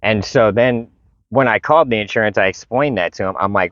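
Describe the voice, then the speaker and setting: A man's voice: lowish voice, fairly quick, fairly bright tone, no room sound. A man vlogging, telling a frustrated, profane story and retelling his conversations with others. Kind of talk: casual storytelling rant. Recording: dull lo-fi recording.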